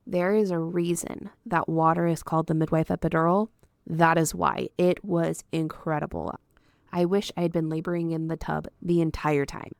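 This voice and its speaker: A woman's voice: fairly low pitch, creaky, a little mellow, dry recording, clean studio sound. A young woman hosting a podcast, a doula and childbirth educator telling her own birth story in an earnest, heartfelt, emphatic way. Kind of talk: personal storytelling monologue.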